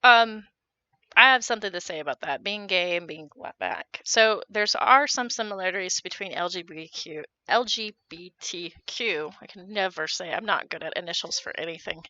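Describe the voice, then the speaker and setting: Sarcastic woman streamer, bright and dry. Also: fairly low pitch, moderate pace, dry recording. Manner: sarcastic, laughing often. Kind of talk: casual opinion stream. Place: home. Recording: dull lo-fi stream audio.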